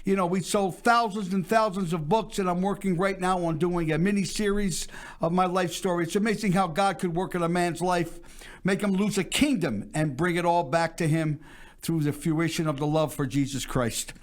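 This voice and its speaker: A man's voice: high voice, steady tone, moderate pace. An older man hosting a variety show in a chatty, rambling way, telling stories and jokes. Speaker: show host. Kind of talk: casual show chat and joke-telling.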